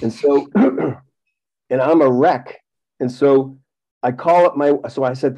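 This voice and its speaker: A man's voice: medium pitch, slow, long pauses, warm tone, rough recording. A middle-aged man telling a long anecdote as a guest, rambling and profane, self-deprecating, with many restarts. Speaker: podcast guest.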